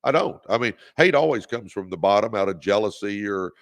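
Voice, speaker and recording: A man's voice: fairly low pitch, animated, brisk. A man hosting a motivational livestream, exhorting viewers and reading out their comments. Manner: preachy, exhorting, leads call-and-response. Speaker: host. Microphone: phone or webcam on a livestream.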